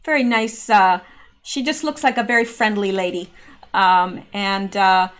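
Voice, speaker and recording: A woman's voice: mid-range voice, steady tone, unhurried, fairly bright tone. A middle-aged woman hosting casual video commentary, chatty and full of rambling asides. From Canada. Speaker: channel host.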